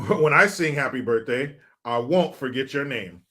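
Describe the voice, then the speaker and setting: A man's voice: mid-range voice, lively intonation, normal speed, bright, forceful tone. A middle-aged man hosting a casual livestream, reading viewer comments in a loose, joking, sometimes profane way. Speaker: livestream host.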